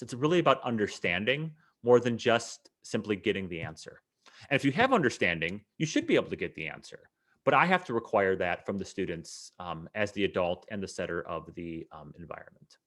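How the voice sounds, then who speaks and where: A man teaching a math webinar, explaining in a lively way with frequent fillers and restarts. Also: on the low side. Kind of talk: webinar lecture.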